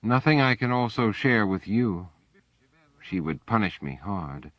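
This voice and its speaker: An injured woman prisoner and informer, guarded and calculating, dizzy and in pain, as a male narrator puts her on a few steps above his own pitch. She forces her words out in strained gasps, and the dull, dry recording keeps it close and muffled. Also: animated, measured pace, dry recording.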